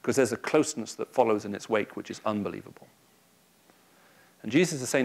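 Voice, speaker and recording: Lively, humorous man giving a talk. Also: fairly low pitch, fairly quick, vocal fry, long pauses. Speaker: Christian speaker addressing an audience. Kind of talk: public talk with anecdotes. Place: room with a live audience.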